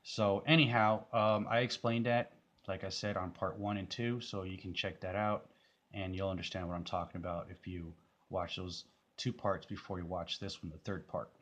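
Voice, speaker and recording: A man's voice: sits low, fairly even intonation, moderate pace, fairly bright tone. A man giving casual, rambling commentary on a music video, full of fillers and restarts.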